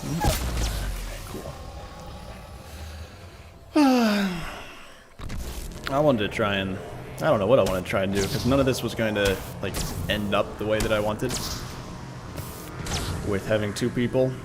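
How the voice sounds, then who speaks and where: A man's voice: lowish voice, slow pace, pauses often, music in the background. A Canadian man streaming a shooter game, talking through it casually and wryly, reading chat aloud. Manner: relaxed, chatty, wry, often laughing. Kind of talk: casual gameplay commentary.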